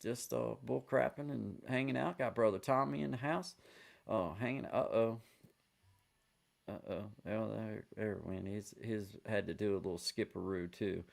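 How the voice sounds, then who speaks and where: A man's voice: mid-range voice, vocal fry. A man hosting a livestream from a room at home, chatting in a laid-back, friendly way on a computer mic. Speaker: livestream host. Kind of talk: casual chat. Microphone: computer mic on a streaming call.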